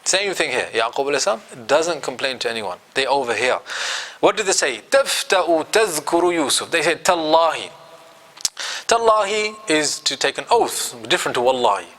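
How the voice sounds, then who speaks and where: A man's voice: a little high, very animated, moderate pace, fairly bright tone. A man teaching a Quran commentary class, quizzing his students and acting out quotes.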